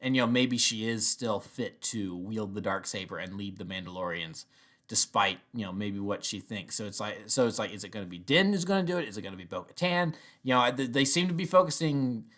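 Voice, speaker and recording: A man's voice: lowish voice, a little fast, fairly bright tone. A man giving a casual spoken review, rambling with many restarts and chuckling often. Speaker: TV episode reviewer.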